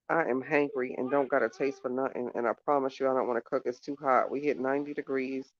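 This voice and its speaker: A woman's voice: very deep voice, a little fast, hardly any pauses, no echo. An exasperated woman talks straight to her viewers in a loose, ranting vlog chat. The sound is dull and lo-fi, close and dry, as if caught on a phone. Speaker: vlogger. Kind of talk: casual chat to camera.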